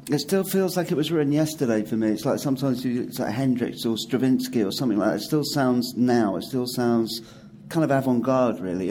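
A man's voice: medium pitch, warm tone, a little hiss or hum. A man chatting as a guest on a panel, thoughtful and enthusiastic. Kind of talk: discussion panel chat.

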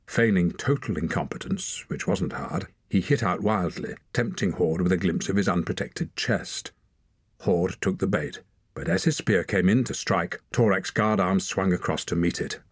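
A man narrating an adventure story in a steady, measured audiobook reading. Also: low voice, slightly rough, no echo, clean studio sound.

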